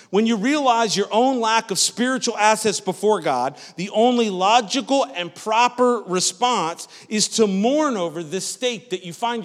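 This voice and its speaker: High-voiced preacher in a reverberant hall. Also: male voice. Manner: conversational preaching, asks the congregation "Amen?"; repeats and restarts phrases. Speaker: pastor. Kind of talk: sermon. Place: church sanctuary.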